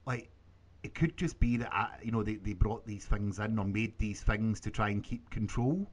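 A man co-hosting a gaming podcast, musing calmly about what might happen. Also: fairly low pitch, moderate pace. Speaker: podcast co-host. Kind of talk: casual gaming podcast chat.

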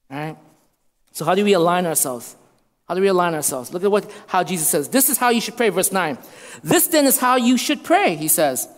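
A man in his thirties preaching a sermon as a pastor, repeating lines for emphasis. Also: sits high. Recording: long reverb of a hall.

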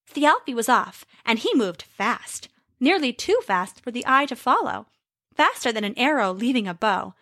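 Woman reading a storybook, expressive. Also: a little high, moderate pace, dry recording, studio quality. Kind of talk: storybook read-aloud.

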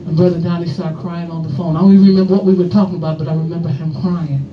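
High-voiced pastor, slow and echoey. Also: male voice, level tone, slight background noise. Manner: slow, drawn-out preaching that swells into sung phrases. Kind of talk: sermon. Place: church sanctuary. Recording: echoey, distant, dull church sound. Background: guitar music.

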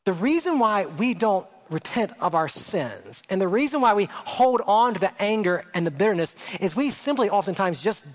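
High-voiced earnest preaching man. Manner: earnest, emphatic preaching with repeated phrases and dramatic drops to a whisper. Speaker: pastor. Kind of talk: sermon.

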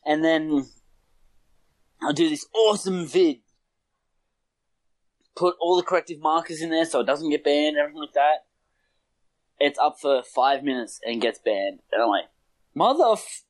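A man's voice: on the high side, normal speed, pauses often, dry recording, poor audio. A man in casual chat with a friend, laughing often and acting out quotes with some swearing.

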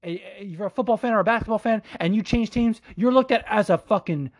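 A man giving a heated, profane opinion rant as a fight commentator, talking quickly and calling the listener "dude" over and over. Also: high voice. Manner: profane, fired-up, says "dude" a lot; quick, animated delivery. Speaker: MMA commentator.

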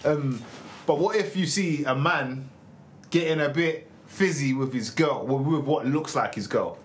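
A man's voice: a little high, unhurried. Young man posing questions. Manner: slangy, asks questions, short reactions. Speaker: podcast co-host. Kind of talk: casual chat among friends.

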